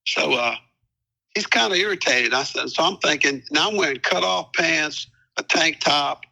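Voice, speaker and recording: An older man, a retired police captain, calmly recounting a past event as an interview guest, with many fillers and repetitions. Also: on the high side, normal speed, vocal fry, poor audio. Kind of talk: storytelling interview.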